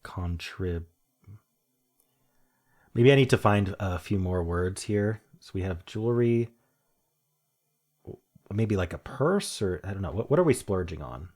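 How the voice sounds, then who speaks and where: Low, husky-voiced man thinking aloud. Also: expressive, a little slow, long pauses, a little mellow. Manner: musing aloud, self-amused, chuckles at own jokes. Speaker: puzzle game streamer. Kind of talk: casual solo commentary while solving puzzles.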